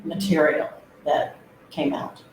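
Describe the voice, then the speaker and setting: A woman guest telling a personal story, hesitant and reflective, with many pauses and fillers. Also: a little mellow, a little hiss or hum. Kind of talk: personal testimony. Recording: roomy echo.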